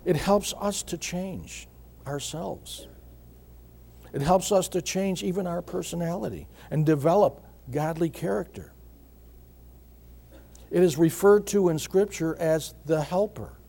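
A middle-aged man preaching a sermon in a measured way, repeating phrases and often clearing his throat. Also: sits high, warm tone. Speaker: pastor.

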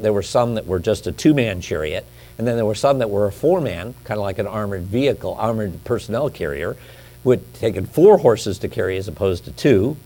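A male pastor teaching a sermon in an easygoing, chatty manner. He drops in offhand asides and then leans into scripture passages, stretching them out with emphasis. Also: mid-range voice. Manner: conversational Bible teaching with lively asides; builds to emphatic, drawn-out scripture reading.

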